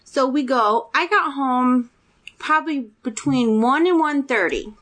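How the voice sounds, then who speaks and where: A woman in her thirties telling a personal story in casual chat, animated and acting out quotes with a rising voice. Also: a little slow. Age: 30s. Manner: chatty, animated, acts out quotes with rising pitch.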